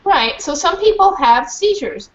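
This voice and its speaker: A woman reads a children's story aloud to a class, stopping often to ask the kids questions. Her voice is fairly high and lively. The recording is muffled, with a faint hiss behind it. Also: measured pace. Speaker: author reading to a class.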